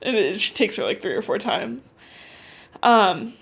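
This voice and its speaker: A woman hosting a podcast, recapping a book in casual, animated storytelling full of swearing and "like"s. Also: mid-range voice, unhurried, creaky, breathy edge. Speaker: podcast host.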